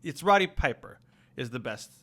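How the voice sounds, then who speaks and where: Brief: male podcast guest, rambling deadpan improv, middle pitch. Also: moderate pace. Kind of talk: improvised comedy podcast chat.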